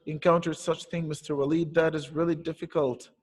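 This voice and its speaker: A man's voice: on the high side, flat delivery, brisk, slightly rough. A man voicing a curious young male pupil who asks hesitant, apologetic questions. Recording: echoey room with long reverb.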